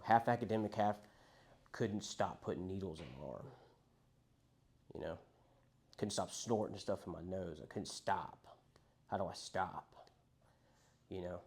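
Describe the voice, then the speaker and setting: Frank young man, low voice. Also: warm tone. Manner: frank, rambling, profane, quotes others in his story. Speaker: recovery speaker sharing his story. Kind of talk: candid recovery testimony.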